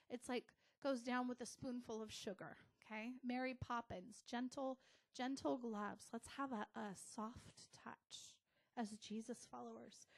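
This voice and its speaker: Slow-speaking American woman pastor. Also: on the high side. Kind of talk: casual sermon.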